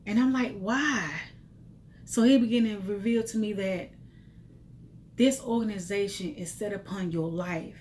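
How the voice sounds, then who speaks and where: A woman's voice: mid-range voice, moderate pace, warm tone, a little hiss or hum. A middle-aged woman telling her life story to viewers in an emotional, testifying, repetitive way.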